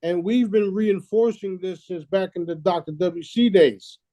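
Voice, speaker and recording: A man's voice: high voice, steady tone, unhurried, mellow, no room sound. A man hosting a casual talk, boastful and preachy, swearing freely and laughing at his own lines. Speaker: host.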